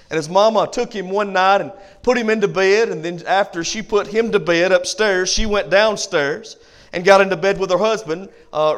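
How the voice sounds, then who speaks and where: A man pastor preaching a sermon with an emphatic, repetitive cadence and rhyming phrases, in a church sanctuary. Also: sits high. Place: church sanctuary, also streamed online.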